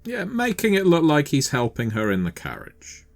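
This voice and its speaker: A man's voice: a little high, huge pitch swings, normal speed, vocal fry. A man playing in a tabletop roleplaying game, talking hesitantly with many fillers. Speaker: player.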